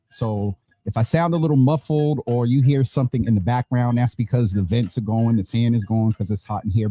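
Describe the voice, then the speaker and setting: A tired man hosting a relaxed, chatty online show from a warm room at home, laughing now and then. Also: medium pitch, no room sound. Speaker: host. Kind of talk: casual chat. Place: hot room at home with vents and fan. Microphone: phone or video call.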